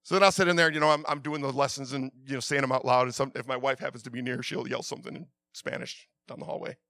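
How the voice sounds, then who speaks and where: A middle-aged man preaching a sermon, telling stories with many restarts and swinging from loud urging to quiet asides. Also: medium pitch, steady tone, quick pace. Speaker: pastor.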